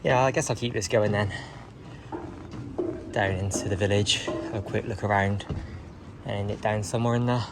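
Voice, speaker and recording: A vlogger with a fairly low, steady voice narrates casually to his camera on an outdoor hill walk, with traffic nearby and music underneath. He speaks at normal speed, pausing often and muttering asides to himself.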